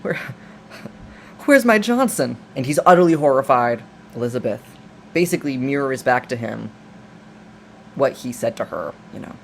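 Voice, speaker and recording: A man's voice: medium pitch, moderate pace, slight background noise. A man recapping a film in a casual, rambling, jokey way, full of restarts and asides. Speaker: video essayist.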